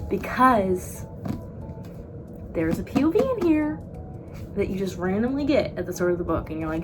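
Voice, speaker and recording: A woman book vlogger in casual chat, rambling and excitable with frequent laughs. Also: medium pitch, moderate pace, long pauses, soft background music.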